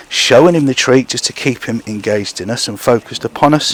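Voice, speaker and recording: A man's voice: mid-range voice, brisk, few pauses, slight background noise. A man training a young gundog outdoors, explaining to camera between short bursts of praise and commands to the dog.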